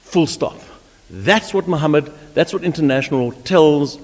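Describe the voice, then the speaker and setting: A man arguing a legal case before judges in a courtroom, emphatic and animated, with frequent restarts. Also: fairly high pitch, moderate pace. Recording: reverberant courtroom audio.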